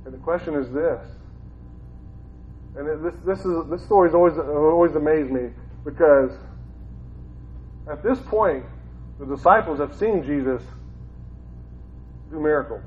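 A former school teacher from Ohio, United States, gives an informal Bible talk in a conversational way, often repeating his phrases and growing more fervent. His voice is fairly high and a little slow with frequent pauses, sounding tinny and phone-like with slight hiss or hum.

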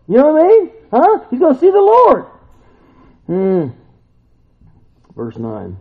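Animated folksy preacher on a tinny line. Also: male voice, extremely high pitch, moderate pace, pauses often, husky. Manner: animated, folksy, asks listeners questions. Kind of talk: conversational Bible teaching. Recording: tinny phone-like sound.

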